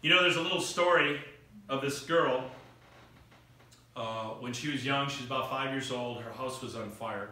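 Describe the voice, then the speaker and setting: A middle-aged man preaching a sermon, with a bright, forceful voice full of storytelling energy. He acts out quotes as he goes. The sound is very echoey and picked up from across the hall. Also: mid-range voice, moderate pace. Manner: storytelling with acted quotes and rising emphasis. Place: church hall. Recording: echoey room picked up from far off.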